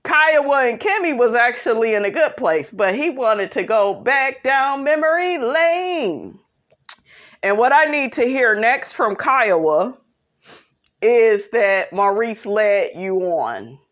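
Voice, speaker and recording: A sassy, opinionated young woman talks through a reality show recap in an unhurried, drawn-out way. She keeps calling her listeners "honey." The sound is dull and lo-fi, like a simple home setup. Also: on the high side, sing-song. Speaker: recap host. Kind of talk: casual TV recap commentary.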